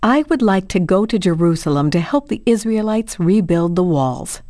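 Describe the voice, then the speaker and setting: A woman's voice: medium pitch, expressive, normal speed, dark tone, no echo, clean studio sound, close to an everyday voice. A woman reading earnest young servant Nehemiah.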